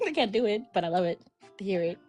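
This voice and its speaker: A woman co-hosting a casual live-stream chat, who speaks with halting restarts and laughs often. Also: mid-range voice, sing-song, a little mellow, faint music behind.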